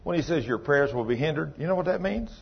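Husky, impassioned man preaching a sermon. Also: lively intonation, fast talker. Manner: impassioned, swings between loud pleading and low quiet; folksy, plain-spoken. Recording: dull lo-fi recording.

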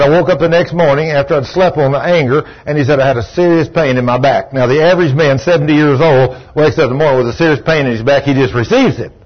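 Folksy preacher, dull lo-fi recording. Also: male voice, a little high. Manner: emphatic, repetitive, folksy storytelling. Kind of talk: sermon. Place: church.

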